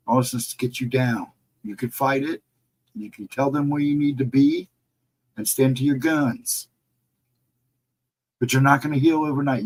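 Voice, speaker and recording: A middle-aged man hosting a casual livestream, reading the chat and answering viewers in a relaxed, reassuring way. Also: medium pitch, rough recording. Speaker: livestream host.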